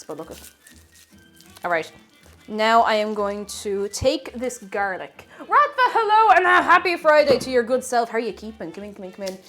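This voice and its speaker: A young Irish woman with a Tipperary accent, chatting and giggling with her viewers while cooking on a live stream. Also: mid-range voice. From Tipperary, Ireland. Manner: chatty, giggly, greets chat warmly. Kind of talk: casual cooking stream chat.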